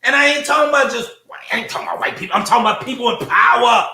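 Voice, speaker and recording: Male host, fiery preachy monologue, high lively voice, roomy echo. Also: racing, vocal fry. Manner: preachy, profane, rhetorical questions and repetition. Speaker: show host.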